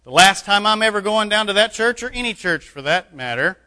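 A man's voice: high voice, lively intonation, brisk, bright, forceful tone, clear, resonant tone, big-room sound, pitched above the performer's own voice, heavily acted. A pastor voicing a resentful man who is quitting church, scoffing and indignant.

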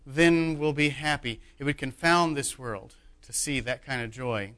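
A pastor with a mid-range voice preaches a sermon at a measured pace. He is emphatic, swinging between loud declarations and hushed asides.

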